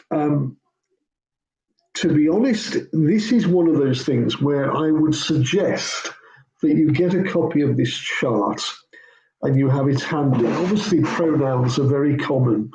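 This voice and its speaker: A gravelly, darkish, medium-pitched male voice comes through a lo-fi recording with roomy echo. The man, a pastor, haltingly explains biblical Greek grammar in an informal lesson, full of ums and self-corrections.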